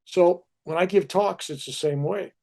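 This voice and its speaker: Older man telling stories, gravelly. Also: high voice, unhurried. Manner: animated anecdotes with acted-out quotes. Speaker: spiritual teacher. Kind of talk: storytelling in conversation.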